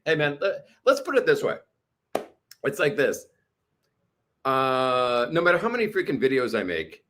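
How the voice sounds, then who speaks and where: Man, profane ranting vlogger, high voice, swoops wildly up and down. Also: a bit bright. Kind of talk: casual livestream rant.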